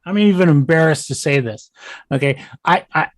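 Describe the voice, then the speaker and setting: A man hosting a casual business podcast, an animated storyteller who acts out the quotes in his anecdotes. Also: on the high side, normal speed, no echo, studio quality. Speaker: podcast host. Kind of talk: casual conversation.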